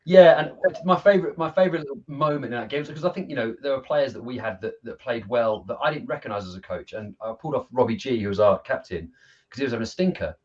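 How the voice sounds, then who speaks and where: Husky storytelling man. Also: medium pitch, quick pace, highs cut off. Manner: animated storyteller, laughs at his own anecdotes. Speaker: amateur football coach. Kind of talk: casual video chat.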